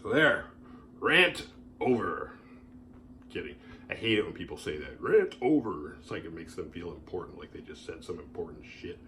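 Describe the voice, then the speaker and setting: A man ranting casually about his day as the host of a horror movie review show, sarcastic and animated, swearing freely and mocking people in exaggerated voices. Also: sits low, fairly quick, slight background noise.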